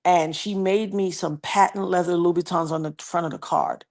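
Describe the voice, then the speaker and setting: A woman livestreaming, casually telling a personal story and reading viewer comments in an animated, folksy way. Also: on the low side, moderate pace. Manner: animated, folksy, slips into quoted voices.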